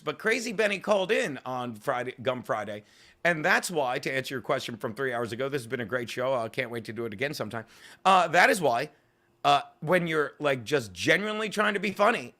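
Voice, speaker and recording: Fast-talking, swearing male comedian. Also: medium pitch. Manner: fast, swearing, animated storytelling. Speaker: comedian guest. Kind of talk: profane rambling interview talk.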